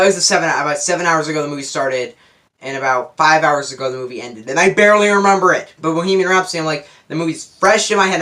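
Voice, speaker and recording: A man's voice: a little high, pushed and bright. A young man giving a casual, unscripted movie review, rambling and correcting himself as he goes. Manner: rambling, self-correcting, enthusiastic.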